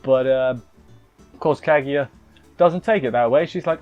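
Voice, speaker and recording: A man's voice: medium pitch, unhurried, long pauses, darkish tone, highs cut off, soft background music. A man casually reviewing an anime episode, rambling and restarting with wry asides.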